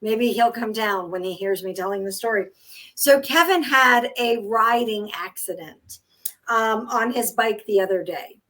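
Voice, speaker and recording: A woman co-hosting a casual chat, telling stories in an animated way with quick laughs. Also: a little high. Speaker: co-host. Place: lives in the Netherlands.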